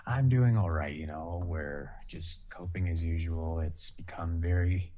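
A man chatting as a guest over a call, relaxed and unhurried. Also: low-pitched, highs cut off. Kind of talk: casual chat on a call.

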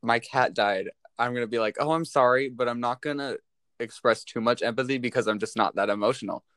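A man's voice: medium pitch, steady tone, a little fast, a bit bright, no room sound, clean studio sound. A young man in casual chat, talking in a laid-back, matter-of-fact way with lots of fillers.

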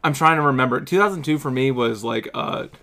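A man's voice: medium pitch, fairly quick, pushed and bright. A man co-hosting a podcast, joking and bantering casually. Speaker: podcast co-host. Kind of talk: casual chat.

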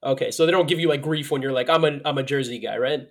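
A man's voice: mid-range voice, fast. A man hosting a casual interview, asking curious and slightly apologetic questions.

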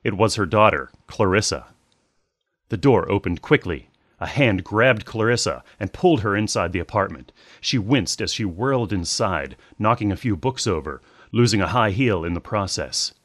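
A man reads a dark tale in a measured, descriptive way. His voice sits very low, and the recording is dry and close with no room sound. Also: lively intonation, dry recording. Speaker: narrator. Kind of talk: scripted storytelling narration.

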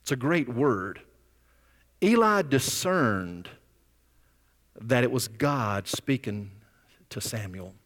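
A male pastor preaching a sermon in a conversational, animated storytelling way, with scripture readings. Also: medium pitch, slow pace, pauses often, big-room sound.

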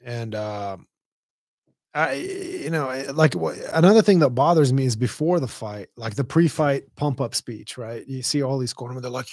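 A man hosting a podcast in casual, profane chat about fighting, animated and mocking as he retells stories. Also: mid-range voice, moderate pace, no echo, clean studio sound. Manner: profane, animated, mocks others' shouting. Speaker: podcast host; former fighter.

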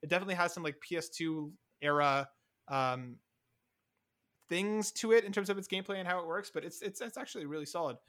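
Male podcast co-host, somewhat high voice, rapid and bright, excitable and casual. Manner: excitable, quick, swears casually. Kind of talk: casual chat.

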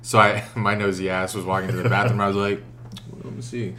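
A man co-hosting a podcast, chatting casually in a joking, teasing, relaxed way. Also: fairly low pitch, fast, a little hiss or hum. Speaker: podcast co-host. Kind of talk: casual storytelling chat.

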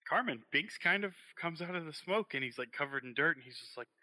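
Bright, lively male game master. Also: on the high side, a little fast, hardly any pauses, poor audio. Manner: lively, laughs easily. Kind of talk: narrating a tabletop game.

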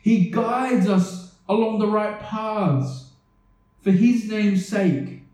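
Slow, echoey preaching man. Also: high-pitched, mellow. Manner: earnest preaching, repeated rhetorical questions. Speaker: pastor. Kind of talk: sermon. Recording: echoey room, voice from a distance.

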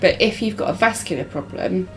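A woman's voice: lowish voice, brisk, faint music behind, low-quality recording. A woman hosting a casual podcast, reading case details and then chatting loosely with her co-host. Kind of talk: casual true-crime chat.

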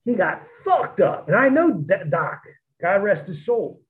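Man, former wrestler, profane, blunt storyteller, slightly high voice, tinny phone-like sound. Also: big pitch swings, measured pace. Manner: profane, blunt, rambling anecdotes. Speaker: former pro wrestler, guest. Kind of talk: casual storytelling.

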